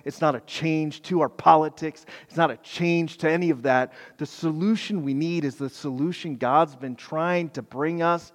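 Impassioned preacher in a reverberant hall. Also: male voice, on the high side. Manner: impassioned, builds to loud pleading then drops to near-whisper. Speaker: pastor. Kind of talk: sermon.

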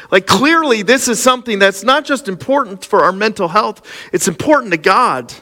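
Pastor, 40s, male; bright, slightly high voice; animated storytelling sermon in a big echoey hall. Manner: personal storytelling, animated, laughing at himself. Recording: long hall reverb.

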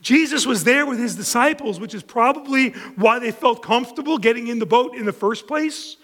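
A pastor giving a sermon in an animated, conversational way, building to emphatic peaks and then dropping low and slow. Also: male voice. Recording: long reverb of a large hall.

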